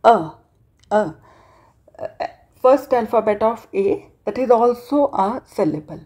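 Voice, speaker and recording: A woman from India with an Indian English accent, lecturing students slowly and deliberately on literary terms. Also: a little high, dark tone. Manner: slow, deliberate explanation with emphasized words.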